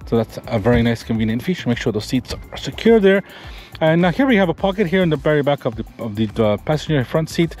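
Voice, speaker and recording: A man's voice: mid-range voice, darkish tone. A man giving a casual, enthusiastic walkaround review of a pickup truck, pointing out features as he goes. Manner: casual, enthusiastic, talks while pointing things out. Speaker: car reviewer. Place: around and inside a pickup truck.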